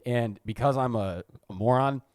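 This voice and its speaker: A man's voice: medium pitch, normal speed, no room sound, clean studio sound. A young man co-hosting a podcast, telling rambling, self-mocking school stories and swearing freely. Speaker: podcast co-host. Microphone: podcast studio mic.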